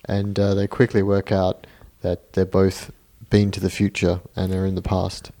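Guy on a podcast, lowish voice, quick plot summary. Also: completely flat delivery, warm tone. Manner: brief interjections and plot summary. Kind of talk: casual movie chat.

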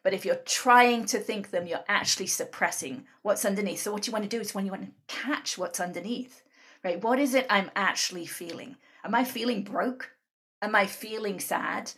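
A woman guest on emotional tapping explains her ideas in an interview, speaking earnestly and often checking in with "right?" Her voice is medium-pitched and a bit bright.

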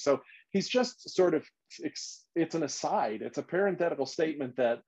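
A man's voice: fairly high pitch, lively intonation, fairly quick, darkish tone, husky. A man leading a casual Bible study, talking emphatically and thinking aloud as he explains. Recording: slightly dull lo-fi recording.

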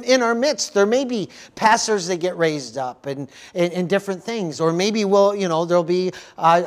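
A male pastor preaching a sermon at a church service, earnest and repetitive, often stopping to ask the congregation for an amen. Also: sits high. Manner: earnest preaching, frequent call-outs for "amen", repeats words.

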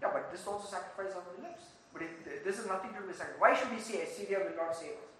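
A pastor preaching a sermon in an animated way, often laughing and acting out little dialogues. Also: medium pitch, fast, roomy sound, noisy background.

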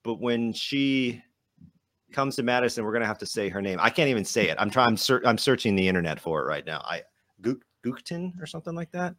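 A man's voice: medium pitch, expressive, fairly quick, fairly bright tone. A man hosting a podcast, talking casually in a chatty, rambling way with frequent restarts. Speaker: podcast host. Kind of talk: casual chat.

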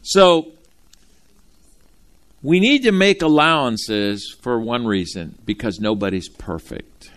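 A man preaching a sermon from Ohio, animated and folksy, calling out to his congregation. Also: mid-range voice, slow, pauses often. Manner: animated, talks straight to the congregation with folksy asides. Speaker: pastor.

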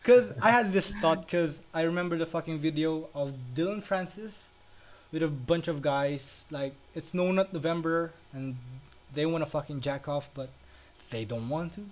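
Young male podcast co-host, foul-mouthed and giggly, voice sits a touch high. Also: moderate pace, rough recording. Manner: profane, joking, self-deprecating, laughs often. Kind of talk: casual crude chat. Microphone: remote call, cutting in and out.

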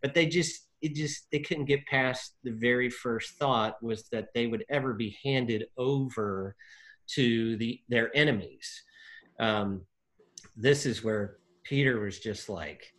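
A man discussing a Bible passage in casual chat, animated, acting out the figures' lines with lots of fillers. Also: mid-range voice, slow pace. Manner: animated, acts out quotes, many fillers.

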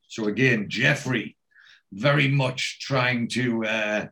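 A man's voice: medium pitch, takes it slowly, sharp tone. Man casually retelling a TV episode. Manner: acts out each character's lines, with frequent fillers and restarts. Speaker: podcast host recapping a TV episode.

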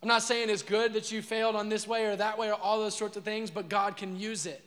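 A man's voice: high-pitched, flat delivery, fairly quick, fairly bright tone, in a large hall. A man preaching a sermon as pastor, earnest and repetitive, asking the crowd questions.

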